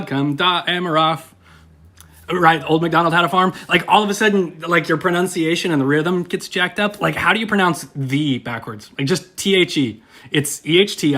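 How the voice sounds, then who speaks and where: A man's voice: mid-range voice, fairly bright tone. A young man, preaching in a casual, playful, rambling way with lots of fillers. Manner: rambling, playful, self-deprecating with frequent fillers. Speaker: pastor. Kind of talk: casual livestream sermon.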